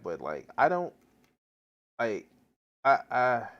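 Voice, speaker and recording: A man streams his reactions, swearing heavily and restarting his sentences as his pitch swings up and down. His talk is rambling and exasperated. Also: animated, measured pace, pauses often. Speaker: live streamer. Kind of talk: profane reaction commentary.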